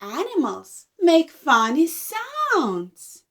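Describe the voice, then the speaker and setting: A woman teacher leading a slow, gentle baby lesson, modelling simple sounds with exaggerated, repetitive delivery and sing-song praise. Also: very high voice, wildly swooping pitch.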